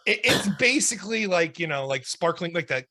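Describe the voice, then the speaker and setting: A man's voice: high voice, animated, fairly quick, pushed and bright. A man co-hosting a podcast in casual chat, playful and giggly in banter. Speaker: podcast co-host.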